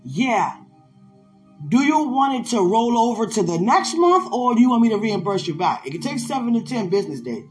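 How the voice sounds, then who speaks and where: A man's voice: extremely high pitch, very animated, normal speed, faint music behind. A man voicing a friendly woman on a billing call, who is chatty and businesslike.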